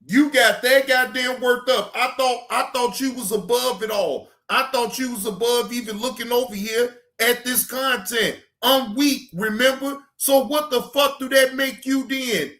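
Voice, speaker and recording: Male host, very high and bright voice, slow heated profane rant, often yelling. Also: fairly even intonation, reverberant. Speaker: reaction channel host. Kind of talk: ranting commentary.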